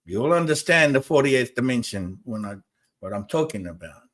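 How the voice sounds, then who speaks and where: A man's voice: medium pitch, sing-song, moderate pace, a bit bright. A man hosting a spiritual talk show, speaking emphatically and repetitively and arguing with his viewers. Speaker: host.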